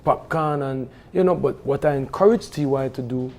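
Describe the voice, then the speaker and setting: A man from Belize talking about working with musicians, in an animated way with many fillers and restarts. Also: medium pitch, moderate pace. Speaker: music event organizer. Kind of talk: casual studio conversation.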